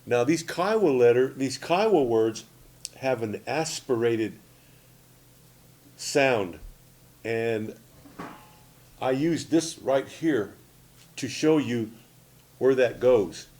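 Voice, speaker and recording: A man's voice: medium pitch, expressive, slow pace, long pauses, a little mellow. A man in his sixties from Oklahoma, teaching a language lesson in a plain, repetitive way, often checking in with "okay?" and "see?". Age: 60s. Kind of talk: casual spoken lesson.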